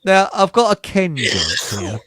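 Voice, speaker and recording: A man's voice: on the high side, wildly swooping pitch, a little slow, a bit bright, no echo, clean studio sound. A man hosting a radio talk show, chatting casually and telling rambling pub jokes with chuckles and stumbles. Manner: chuckling, rambling joke-teller who stumbles over lines.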